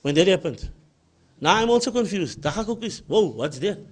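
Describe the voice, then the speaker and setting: A man's voice: sits high, very animated, moderate pace, husky. A man with a Cape Town South African accent giving an emphatic religious lecture and often repeating his key points. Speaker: Islamic lecturer.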